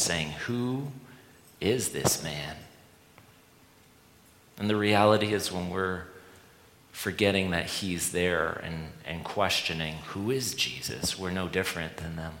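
A man's voice: deep voice, fairly bright tone. A man preaching an earnest sermon to a church gathering, repeating a refrain and often restarting his words. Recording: echoey hall with long reverb.

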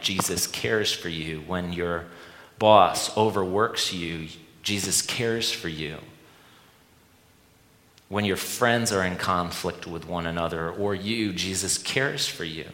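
A man's voice: low voice, slow pace, a bit bright. A man preaching an earnest sermon to a church gathering, repeating a refrain and often restarting his words. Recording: echoey hall with long reverb.

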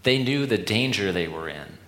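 A man's voice: lowish voice, animated, moderate pace, fairly bright tone. A man preaching an earnest sermon to a church gathering, repeating a refrain and often restarting his words. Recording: echoey hall with long reverb.

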